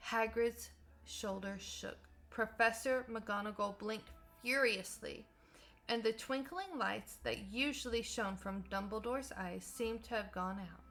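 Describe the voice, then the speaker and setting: Woman, teacher, reading a novel aloud, slow, careful, creaky, fairly high. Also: fairly bright tone.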